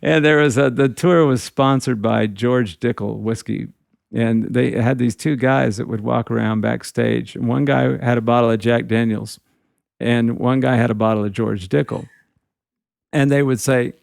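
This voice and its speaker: A middle-aged man with a gravelly, creaky voice recalls old tour days in a loose, rambling way. He keeps dropping "you know" between his thoughts. The sound is close and dry, with no room behind him. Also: medium pitch, steady tone, moderate pace, a little mellow, no echo. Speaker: guitarist telling tour stories. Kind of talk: casual storytelling.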